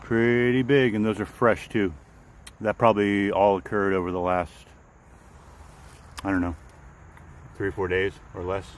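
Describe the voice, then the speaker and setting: A man's voice: fairly low pitch, flat delivery, a little slow, pauses often, rough recording. A man casually chatting with live viewers while walking outdoors in the woods, rambling and repeating himself. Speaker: vlogger hosting a live walk.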